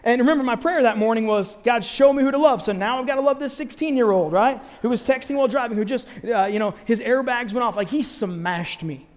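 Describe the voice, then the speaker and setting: Male preacher, high voice, storytelling sermon, lively and playful with quoted voices. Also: fast talker, few pauses, long reverb tail.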